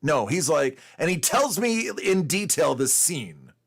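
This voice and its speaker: A man's voice: a little high, very animated, unhurried, vocal fry. A man in his forties, host of a collecting show, telling a rambling story in casual chat with lots of fillers.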